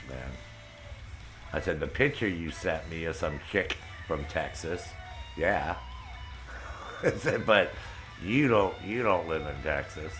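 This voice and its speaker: A man telling a profane, animated story while streaming a game. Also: very deep voice, unhurried, pauses often, soft background music, poor audio. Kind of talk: casual storytelling while gaming.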